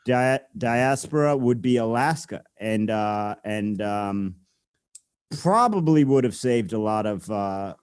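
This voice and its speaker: A man's voice: on the low side, animated, slow pace, smooth, no room sound, clean studio sound. A man co-hosting a casual podcast chat, explaining things at length with many filler words. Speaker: podcast co-host.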